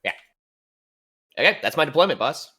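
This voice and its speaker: A man with a bright, lively voice jokes through a tabletop wargame in casual chat. He laughs a lot, swears for comic effect, and his pitch swings widely as he talks. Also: moderate pace, slightly rough. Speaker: guest wargame player.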